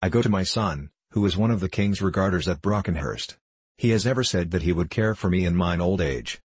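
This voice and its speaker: A man's voice: sits low, animated, brisk, darkish tone, breathy edge, no echo. A man voicing a frail, weary old peasant woman with a quavering voice in a storybook reading. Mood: plaintive.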